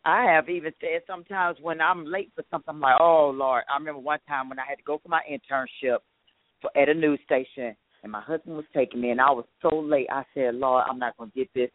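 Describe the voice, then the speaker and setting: A woman's voice: low-pitched, fairly even intonation, quick pace, no echo. A woman radio host chatting and telling personal stories, speaking in a conversational, faith-minded way. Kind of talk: radio talk show chat. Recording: dry, phone-like radio line.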